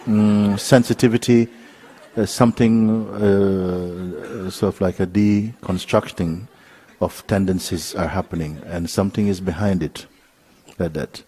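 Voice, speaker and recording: Low-voiced laughing spiritual teacher, a man. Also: fairly even intonation, measured pace, husky. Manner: gentle, laughing storyteller. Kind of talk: relaxed satsang talk.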